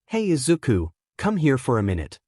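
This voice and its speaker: A man's voice: mid-range voice, wildly swooping pitch, normal speed, mellow, dry recording, clean studio sound. A man voicing a cruel schoolyard bully boy who taunts in a sing-song way. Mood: taunting.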